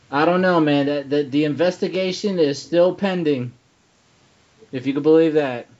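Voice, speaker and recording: A man's voice: fairly high pitch, measured pace, a little mellow. A man hosting a casual comedy podcast, laughing often and stammering as he talks. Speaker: podcast host. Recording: dull lo-fi podcast audio.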